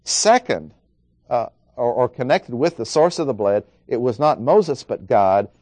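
A man's voice: mid-range voice, animated, unhurried, darkish tone, dry recording. A man preaching an expository Bible lesson, working through numbered points and reading scripture aloud.

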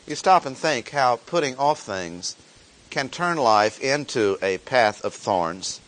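Slow, deliberate male Bible teacher. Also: mid-range voice, expressive, a bit bright. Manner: slow, deliberate, repeats key phrases for emphasis; reads scripture aloud, then explains it plainly. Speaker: preacher.

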